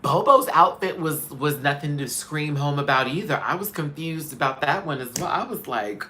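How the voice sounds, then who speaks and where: A man hosting a live show, giving sassy, animated, candid commentary in a casual chat. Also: mid-range voice, fairly quick, few pauses, slight background noise. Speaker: host.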